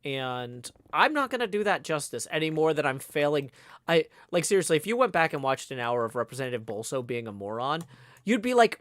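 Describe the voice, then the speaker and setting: A man's voice: fairly high pitch, very animated, a little fast, a bit bright, no room sound, studio quality. A man hosting a casual livestream, talking in a rambling, irritated way with many restarts. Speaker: livestream host.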